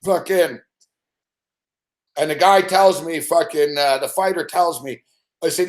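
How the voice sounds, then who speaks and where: A man hosting a sports betting show, telling a late-night story in a profane, rambling, animated way. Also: fairly high pitch, unhurried, long pauses, roomy sound.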